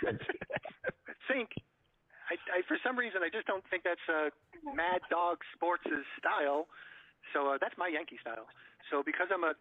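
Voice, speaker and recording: A man with a slightly raised voice stammers and giggles through casual radio chat. He comes through a tinny, phone-like line. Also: fairly high pitch. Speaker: radio show host.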